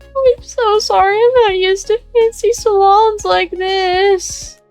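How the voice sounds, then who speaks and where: A woman's voice: fairly even intonation, takes it slowly, a little mellow, dry recording, soft background music, full character voice. A woman voicing a shy, bubbly young bunny girl customer in a game, flustered and gushing. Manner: flustered, gushing, high and breathless.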